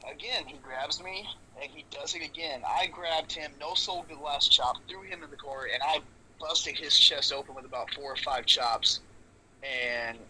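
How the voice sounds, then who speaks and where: A man, a professional wrestler, telling stories in a casual podcast chat, animated and swearing freely. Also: mid-range voice, slight background noise, rough recording. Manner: animated storyteller, swears freely, acts out quotes.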